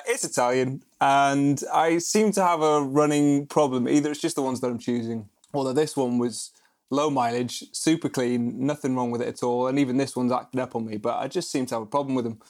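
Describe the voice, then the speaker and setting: A man's voice: mid-range voice, normal speed. A man co-hosting a podcast, telling stories in a chatty, self-mocking way and laughing often. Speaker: podcast co-host. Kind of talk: casual podcast chat.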